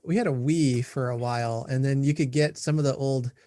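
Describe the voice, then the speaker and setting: A man's voice: mid-range voice, fairly even intonation, a little fast, mellow. Laid-back male podcast host. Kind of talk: casual interview chat.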